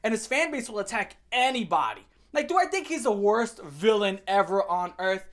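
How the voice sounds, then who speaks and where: A woman's voice: mid-range voice, expressive, moderate pace. A woman ranting in commentary, heated and mocking, rambling with many restarts. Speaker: commentary ranter. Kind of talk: rant commentary.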